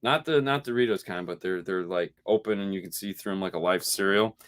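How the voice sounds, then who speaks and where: A man co-hosting a casual podcast chat, telling animated stories, acting out quotes and laughing often. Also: deep voice, a little fast. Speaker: podcast co-host.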